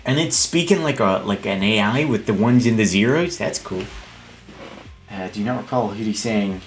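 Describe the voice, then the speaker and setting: A man's voice: fairly low pitch, normal speed, faint music behind. A man streaming a video game, chatting in a profane, jokey, rambling way. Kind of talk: casual let's play commentary.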